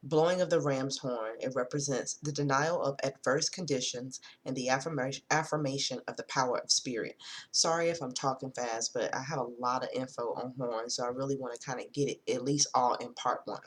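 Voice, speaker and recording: A woman talking casually to viewers in a spiritual vlog, reading from her notes, often drifting off topic and apologizing. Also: a bass voice. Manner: reads notes slowly, rereads long sentences. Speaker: spiritual vlogger.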